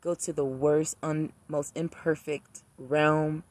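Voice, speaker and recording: A man's voice: fairly high pitch, flat delivery. A man talking in a blunt, profane casual rant about spirits, repeating himself for emphasis. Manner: blunt, profane, rapid-fire repetition. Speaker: spiritual practitioner ranting to camera.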